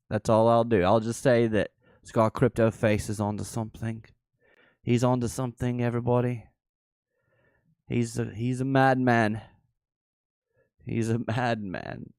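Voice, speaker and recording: Slow, playful man hosting a livestream. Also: mid-range voice, clear, resonant tone, no room sound, studio quality. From Southern United States. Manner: playful, joking, laughs often. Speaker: livestream host. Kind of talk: casual livestream chat.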